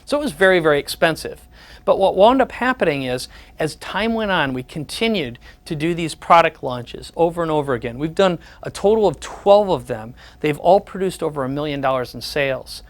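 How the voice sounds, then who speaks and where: This salesman, presenting with a fairly high, animated voice and a fairly quick pace, tells personal stories. He plays out the conversations within them, repeating the other people's lines.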